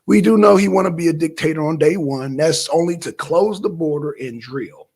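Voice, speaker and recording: Male livestream host, husky and casual, rambling chat with viewers. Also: a little high, normal speed. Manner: rambling, loose and talkative, shouting out viewers in chat. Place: Atlanta, Georgia.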